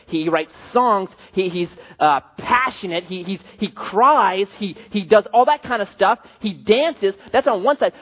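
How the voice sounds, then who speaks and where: A male pastor preaching in a lively, joking storytelling manner, his high voice leaping up and down. His tone is husky and breathy. The sound is slightly dull and rings with a long reverb from a church hall. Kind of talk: sermon.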